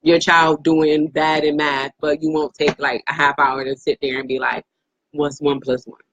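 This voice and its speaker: A young adult woman co-hosting a casual chat, speaking, animated and often chiming in with agreement. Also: low voice, normal speed, no room sound. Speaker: co-host. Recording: dry, dull lo-fi sound.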